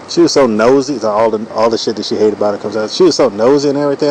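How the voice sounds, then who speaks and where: A man's voice: lowish voice, very fast, hardly any pauses, a little mellow, slight background noise, rough recording. A man in his forties riffing through a loose, profane comedic monologue while he draws cartoons, full of "you know" fillers. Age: 40s. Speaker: streamer drawing cartoons.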